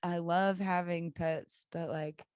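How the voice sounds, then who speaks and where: A woman's voice: on the low side, slow, clear, resonant tone, no echo. Laid-back woman podcast host, dry sound. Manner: relaxed, laughs often, many "like" fillers. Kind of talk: casual podcast chat.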